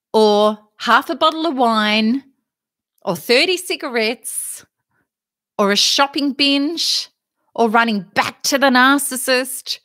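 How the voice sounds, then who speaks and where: A woman's voice: fairly high pitch, sharp tone, no echo, clean studio sound. Earnest woman giving a motivational talk. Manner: earnest, emphatic, uses analogies. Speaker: self-help teacher.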